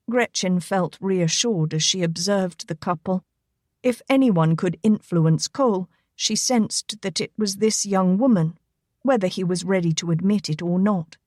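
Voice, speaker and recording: A woman narrating a romance novel in a steady, even storytelling read. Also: mid-range voice, unhurried, no room sound, clean studio sound. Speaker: audiobook narrator.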